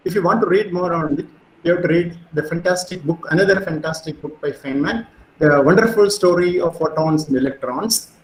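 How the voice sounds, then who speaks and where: Animated high-voiced male lecturer. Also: fairly quick, echoey room, a little hiss or hum, rough recording. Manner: animated, storytelling, frequent fillers. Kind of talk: physics lecture.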